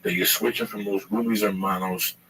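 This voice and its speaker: Male, loose foul-mouthed storyteller, forceful edge, low pitch, recorded from a distance. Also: fairly quick, vocal fry. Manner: rambling, profane, animated storyteller. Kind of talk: casual storytelling chat. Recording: distant mic with faint noise.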